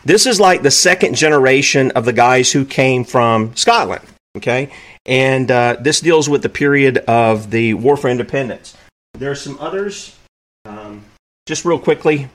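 A man's voice: mid-range voice, moderate pace, a bit bright. A man hosting a live show, talking casually and rambling with many fillers. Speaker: host. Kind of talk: casual live-stream talk.

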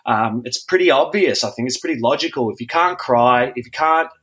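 A man's voice: mid-range voice, a little fast. A man, a guest facilitator talking loosely in a casual podcast chat with many ums. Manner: relaxed, loose, often says 'um'. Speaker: guest, men's group facilitator.

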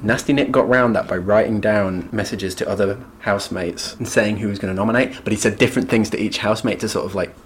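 A man's voice: fairly low pitch, fast, few pauses, noisy background. A British man co-hosting a podcast, chatting casually about a book in a wry way and often ending remarks with tag questions. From Britain. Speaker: podcast co-host.

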